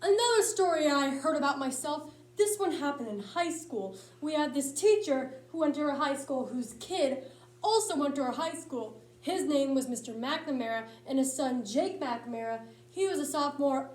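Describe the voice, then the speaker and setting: A woman with a high voice delivers a comedic monologue in punchy, lively storytelling. The sound carries a roomy echo from the space she's in. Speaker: speech tournament competitor.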